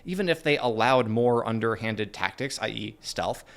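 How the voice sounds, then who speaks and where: A man narrating a scripted video essay in an earnest, measured way, with dry asides. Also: fairly low pitch, creaky, fairly bright tone.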